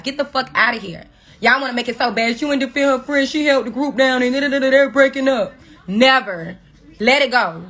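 A woman on a phone livestream, scolding her viewers in a profane, confrontational rant. Her voice is husky and breathy, with a tense, forceful edge, and it sits a little high for a woman. The sound comes through a phone mic. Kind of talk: angry rant on a social media livestream.

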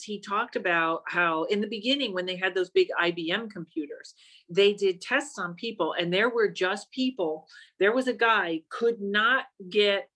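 A woman who works as a psychic, appearing as a podcast guest and telling playful, animated stories in a chatty way. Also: medium pitch. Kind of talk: casual conversational chat.

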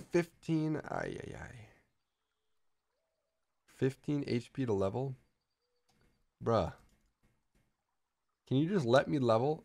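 A man streaming an auto-battler match and commenting live, excitable and swinging from low mutters to shouts.

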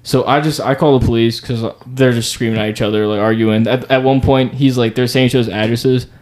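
A man's voice: medium pitch, a little fast. A young man, a podcast co-host, telling a story in casual chat and saying "dude" a lot. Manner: animated storyteller, slangy, says "dude" a lot.

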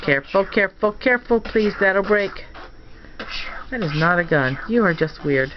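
A woman plays along with a children's make-believe game, mock-scolding and teasing in a sing-song way. The home video sounds muffled. Steady background noise runs under her voice. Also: medium pitch, normal speed. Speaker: family member filming children at play. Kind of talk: playful home video chat. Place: room in a family home.

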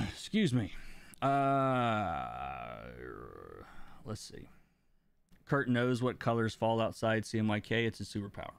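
A man streaming a coloring lesson from his desk, walking viewers through his thinking and answering chat as he goes. His voice is smooth and resonant, and the sound is close and dry with no room echo. He keeps an easy, explanatory manner and chuckles now and then. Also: fairly low pitch, slow pace, pauses often. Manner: relaxed, explanatory, laughs between points. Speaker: comic book colorist and teacher. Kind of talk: live-stream art lesson, reading chat.

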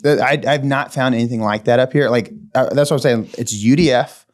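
Male podcast co-host, relaxed and enthusiastic, laughs a lot in casual chat. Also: mid-range voice, a little fast. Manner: enthusiastic, laughs often, easygoing.

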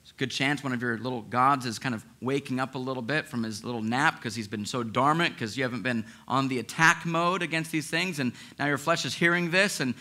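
A man preaching a sermon as pastor, in a lively, conversational way with frequent restarts. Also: medium pitch, a little fast. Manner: acts out listeners' inner objections.

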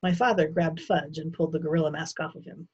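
Woman teacher reading aloud, low-pitched and husky, expressive delivery, dull lo-fi recording. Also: fast talker. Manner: expressive storytelling. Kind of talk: reading a children's novel aloud.

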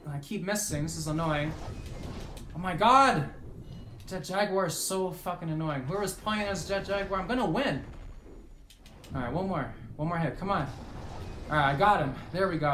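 Excitable swearing gameplay commentator. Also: medium pitch, normal speed, echoey room, a little hiss or hum. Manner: excitable, swears often, shouts at big moments. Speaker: gaming commentator.

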